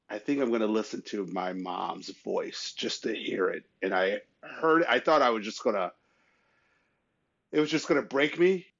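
A man's voice: creaky, a bit bright. Earnest man telling stories, lo-fi sound. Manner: earnest storyteller, acts out quoted voices with rising pitch. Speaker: podcast co-host. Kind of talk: casual chat.

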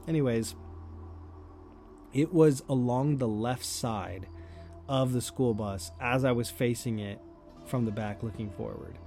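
A man's voice: medium pitch, mellow. A man telling a personal story in a loose, chatty way, full of "like", light laughs and casual swearing. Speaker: storyteller host.

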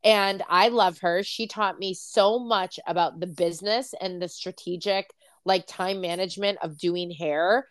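A woman's voice: fairly low pitch, steady tone, a little slow, no echo. A woman co-hosting a podcast remotely, a hairdresser chatting casually and laughing often. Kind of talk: casual chat. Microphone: remote video call.

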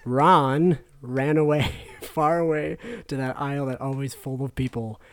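A man's voice: medium pitch, fairly even intonation, unhurried, no echo. A man reading a silly story aloud over a video call, chuckling and stumbling over words.

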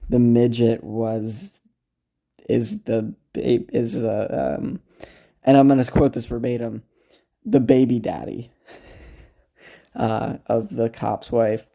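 A man's voice: mid-range voice, steady tone, takes it slowly, gravelly, long pauses, mellow. A man hosting a podcast, casually recapping a story in a rambling, amused way, with many restarts and some swearing. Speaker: podcast host.

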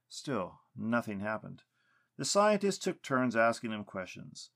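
Animated male storyteller. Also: on the low side, unhurried, vocal fry. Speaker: narrator. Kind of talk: storytelling narration.

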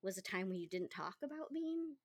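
A woman hosting a podcast, telling a story in casual chat, animated and chatty. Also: mid-range voice, fairly quick. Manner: animated, chatty, quotes people in lively voices. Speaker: podcast host.

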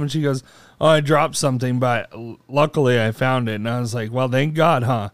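A man's voice: mid-range voice, normal speed, no room sound, studio quality. A man co-hosting a podcast, telling an everyday anecdote casually and acting out the quoted lines. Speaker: podcast co-host. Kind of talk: casual storytelling chat.

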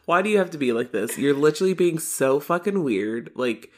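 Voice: mid-range voice, animated. Exasperated podcast co-host. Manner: exasperated, quick, swears freely. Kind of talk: casual recap chat.

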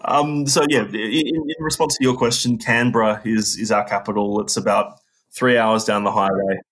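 A man in his thirties with an Australian accent, chatting as a guest on a remote interview, relaxed and quick to laugh. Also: on the low side. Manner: relaxed, chatty, laughs easily, many ums. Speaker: guest, game designer. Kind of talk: casual interview chat.

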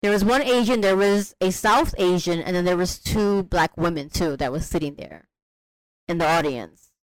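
A young woman co-hosting a casual movie chat, animated and profane, acting out characters as she quotes them. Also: fairly low pitch, moderate pace, no echo. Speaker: podcast co-host.

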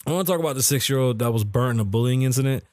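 A man hosting his own podcast, chatting casually in a loose, joking and profane way, with sudden jumps in pitch. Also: racing, a little mellow, no room sound, clean studio sound. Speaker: podcast host.

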